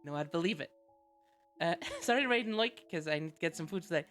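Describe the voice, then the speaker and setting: A woman's voice: on the low side, expressive, fast, fairly bright tone, faint music behind. A woman streaming a game, chatting casually, laughing often and thanking viewers. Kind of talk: casual live-stream chat.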